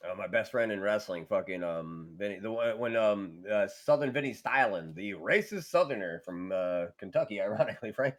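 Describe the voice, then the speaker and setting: A man, a former indie wrestler, chatting casually on a podcast, loud and profane and laughing as he tells stories. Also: on the low side, lively intonation, a little fast, hardly any pauses. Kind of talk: casual chat.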